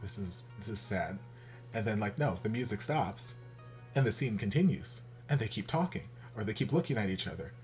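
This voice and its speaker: A man hosting a reaction video in casual commentary, animated and exasperated, jumping from loud outbursts to low muttering. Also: brisk, faint music behind.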